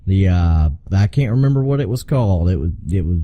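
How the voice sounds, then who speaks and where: A man's voice: low-pitched, animated, a little fast, no echo, dull audio. A man co-hosting a casual podcast, blunt and profane, often giving short replies. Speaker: podcast co-host. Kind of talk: casual chat.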